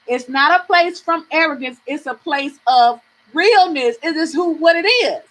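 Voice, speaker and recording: A woman's voice: high-pitched, animated, normal speed, a bit bright, low-quality recording. A middle-aged woman from the American South, hosting a live reading stream and chatting frankly with viewers, swearing freely and laughing often.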